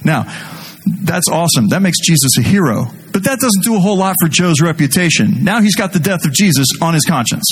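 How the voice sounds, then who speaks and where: A middle-aged man preaching a sermon as pastor, animated and jokey, speaking directly to his congregation. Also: fairly high pitch, brisk, husky.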